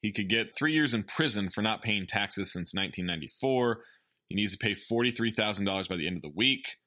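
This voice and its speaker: A man's voice: on the low side, animated, fairly quick, sharp tone, no echo, studio quality. A man hosting a casual podcast, recapping a movie's plot and swearing freely, with laughs between jokes. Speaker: podcast host recapping a film. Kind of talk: casual chat.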